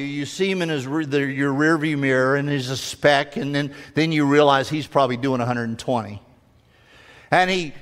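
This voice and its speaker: A man preaching from a pulpit, spinning everyday stories with humor and lively turns. His voice sits a little high for a man, and a long hall reverb trails behind his words. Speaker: pastor. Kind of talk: sermon.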